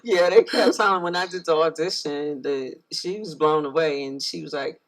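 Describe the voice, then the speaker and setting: A woman's voice: deep voice, moderate pace, poor audio. A woman hosting a talk show, who chats casually with her guest and reads out her sponsors. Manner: friendly, gives frequent backchannel replies. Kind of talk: casual interview chat.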